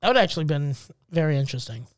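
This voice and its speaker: A man co-hosting a comedy podcast, telling stories in animated, profane banter. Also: on the high side, racing, no room sound, studio quality. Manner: animated, profane, acts out scenes in goofy voices. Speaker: podcast co-host.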